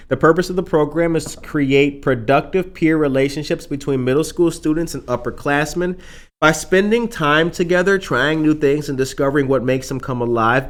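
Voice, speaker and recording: A man hosting a casual morning news podcast alone in the studio, upbeat and chatty, often calling listeners ladies and gentlemen. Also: medium pitch. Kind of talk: casual live news chat.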